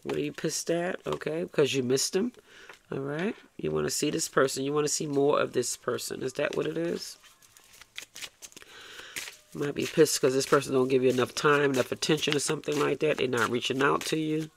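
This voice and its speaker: Gravelly man giving a blunt tarot reading. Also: fairly high pitch, fairly even intonation, fairly quick, a little hiss or hum. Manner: blunt, coaxing, swears freely, ends lines with "okay?". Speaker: tarot reader.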